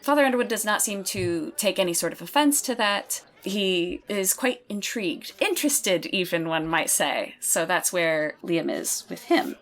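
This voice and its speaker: A woman running a tabletop role-playing game, narrating scenes in a measured, descriptive way. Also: fairly low pitch, lively intonation, a bit bright. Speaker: game master.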